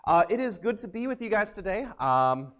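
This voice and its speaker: A young man preaches to a church as its youth pastor. He is upbeat and energetic and tells vivid stories in a fairly high voice. His pitch swings widely as he talks. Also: normal speed. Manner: upbeat, energetic, animated storyteller. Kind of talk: youth sermon with storytelling.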